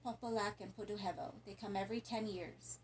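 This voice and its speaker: A woman voicing a dying foreign man with a thick accent, speaking softly and slowly in pain. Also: high voice, steady tone, a little hiss or hum, natural voice, poor audio. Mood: faint. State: weak, in pain.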